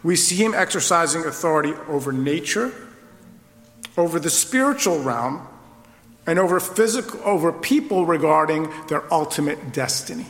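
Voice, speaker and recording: Male pastor, high and bright, expository sermon in a reverberant hall. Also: expressive, moderate pace. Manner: expository preaching, rhetorical questions.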